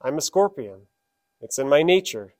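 A man's voice: on the high side, very animated, moderate pace, a little mellow. A man voicing a cold, unrepentant male scorpion from a fable, blunt and matter-of-fact. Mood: flat.

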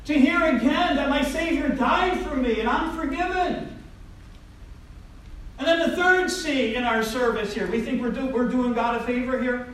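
A man preaching a sermon as pastor, emphatic and swinging between loud declarations and quiet asides. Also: very high voice. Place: church sanctuary. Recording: very echoey, distant mic.

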